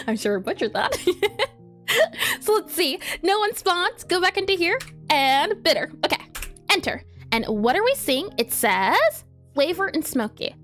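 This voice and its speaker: High-pitched giggly woman developer streaming, walks through her debugging aloud, faint music underneath. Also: big pitch swings, measured pace, fairly bright tone. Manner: giggly, explains step by step while thinking aloud. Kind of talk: casual live coding stream.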